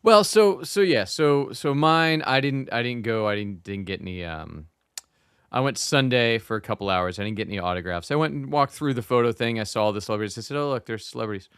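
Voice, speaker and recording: A man's voice: medium pitch, expressive, fairly quick, fairly bright tone, clean tone, dry recording, clean studio sound. A man co-hosting a podcast, chatting casually with wry, joking asides. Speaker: podcast co-host. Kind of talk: casual chat.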